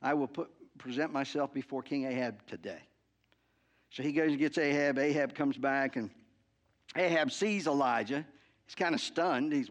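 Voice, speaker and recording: Animated man preaching a sermon. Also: fairly high pitch, normal speed. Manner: animated storytelling with acted-out quotes; frequent "right?" asides and repeated word restarts. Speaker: pastor.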